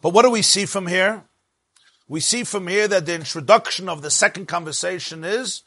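A man's voice: high voice, expressive, normal speed, bright, forceful tone, dry recording. A man with teaching a Torah lesson, rising and dropping sharply for emphasis. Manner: emphatic, rises and drops sharply for stress.

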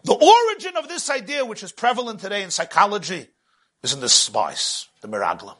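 High, bright-voiced man preaching animatedly. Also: fairly quick. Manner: animated, swings from hushed to loud, laughs at own jokes. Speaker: religious teacher. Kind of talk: sermon.

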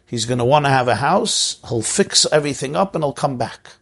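Man, rabbi, gravelly husky voice, earnest sermon, emotional storytelling. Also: mid-range voice, expressive, fairly quick, few pauses. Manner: earnest, emotional, repeats phrases for emphasis.

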